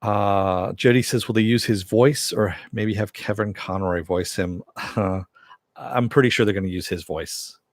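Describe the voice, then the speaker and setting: A man's voice: fairly low pitch, unhurried, no room sound, clean studio sound. A man hosting a casual live stream, reading viewer comments aloud and rambling with a self-deprecating chuckle.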